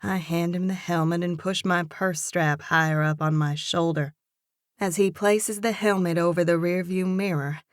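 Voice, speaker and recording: A woman narrating a first-person romance audiobook with an expressive, lively character reading. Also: fairly low pitch, no echo, studio quality.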